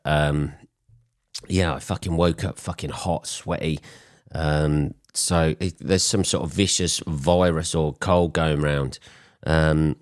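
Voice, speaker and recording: A man in his forties, hoarse from a cold, hosting a podcast in a blunt, swearing, rambling monologue. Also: extremely low pitch, no room sound, clean studio sound. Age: 40s. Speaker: podcast host. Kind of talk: casual solo podcast monologue.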